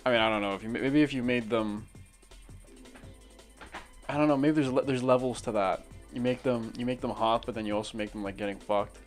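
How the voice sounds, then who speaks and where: Casting: young man, mid-pitched, loose rambling storyteller with crude humor, faint music underneath. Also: steady tone, fairly quick, long pauses. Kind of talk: casual chat while drawing.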